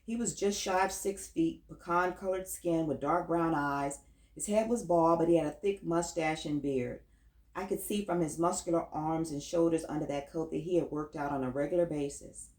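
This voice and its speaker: A woman narrating a first-person audiobook story with an even, storytelling delivery. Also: sits low, moderate pace. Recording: roomy echo.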